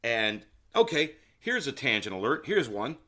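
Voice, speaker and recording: A man's voice: mid-range voice, sing-song, a little slow, bright, forceful tone. A man hosting a solo comedy podcast and recapping a film in a casual, rambling way, with filler words and asides. He gives blunt opinions and talks straight to the listener. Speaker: podcast host.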